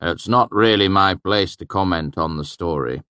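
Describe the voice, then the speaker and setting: Guy doing a calm quiet scribe, low and placid, dry close sound. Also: moderate pace, clean tone, no room sound. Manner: placid, soft-spoken.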